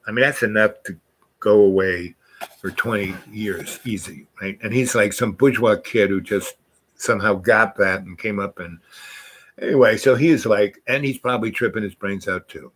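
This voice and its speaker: An older man with a fairly low, voice spins a long tale in a loose, rambling way. He jumps between thoughts and now and then slips into the voices of the people in his story. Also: normal speed. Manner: rambling, animated, acts out voices in quotes. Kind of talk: casual spoken storytelling.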